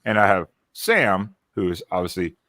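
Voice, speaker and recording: A man's voice: sits low, sing-song, unhurried, pushed and bright, dry recording. A man co-hosting a casual livestream hangout, rambling and restarting as he explains things at length. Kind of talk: casual chat.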